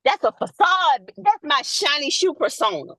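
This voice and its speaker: High-voiced woman ranting bluntly. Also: normal speed, no room sound. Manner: blunt, profane, animated ranting. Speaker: nurse, guest. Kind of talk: loud casual rant.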